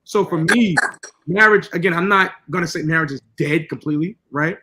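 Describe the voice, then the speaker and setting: Podcast co-host, man, high bright voice, blunt and preachy with lots of swearing. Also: brisk, low-quality recording. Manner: blunt, profane, lecturing. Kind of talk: casual podcast talk.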